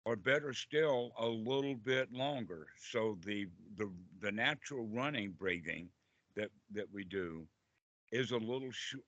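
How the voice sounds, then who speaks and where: A man leads a group meditation call, explaining breathing and putting questions to the listeners. His voice is bright and dry. The call audio is dull and lo-fi. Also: fairly low pitch, expressive, unhurried, no echo. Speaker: meditation teacher. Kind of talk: casual group teaching on a call. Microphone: video call.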